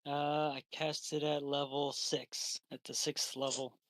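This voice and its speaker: A man playing a tabletop game who talks very slowly and hesitantly, full of ums and uhs. His voice has a middle pitch and dry, close sound. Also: flat delivery, a bit bright, no echo, low-quality recording. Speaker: player. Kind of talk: casual tabletop game chat.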